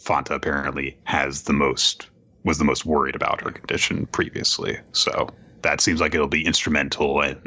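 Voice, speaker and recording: A man's voice: extremely low pitch, little pitch movement, moderate pace, bright, forceful tone. A man co-hosting a podcast, chatting enthusiastically about a manga with chuckles. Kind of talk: casual manga discussion.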